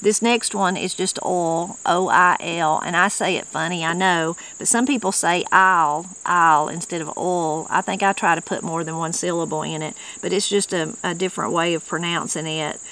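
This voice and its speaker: A woman's voice: lowish voice, steady tone, moderate pace, creaky, few pauses, fairly bright tone, poor audio. A woman with an Appalachian accent, hosting and explaining regional words in a folksy, conversational way, now and then reading dictionary entries aloud. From Appalachia, western North Carolina. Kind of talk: casual explanatory talk.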